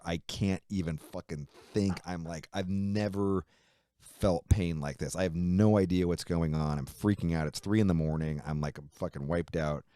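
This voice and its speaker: A man being interviewed, telling a long story in a casual, animated way, swearing freely and acting out the people in it. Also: low-pitched, dry recording. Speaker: musician guest.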